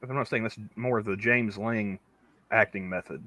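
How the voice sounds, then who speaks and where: A man's voice: on the low side, steady tone, normal speed, sharp tone, no room sound. A man co-hosting a casual online chat show, talking in a rambling way full of "you know" fillers and restarts. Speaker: podcast co-host.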